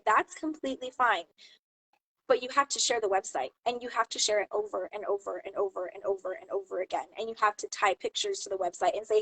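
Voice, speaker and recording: A mom talking casually to camera, giving business tips and acting out lively quoted exchanges. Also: female voice, mid-range voice, brisk, rough recording. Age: adult mom. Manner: chatty, animated storyteller acting out quotes. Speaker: jewelry seller and channel host. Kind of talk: casual advice talk to camera.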